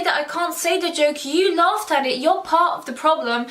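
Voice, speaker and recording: A woman's voice: high voice, normal speed, hardly any pauses, a bit bright. Teen girl vlogger, sarcastic rambling rant, recorded from a distance in an echoey room. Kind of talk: ranting vlog monologue. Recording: roomy sound, mic far off.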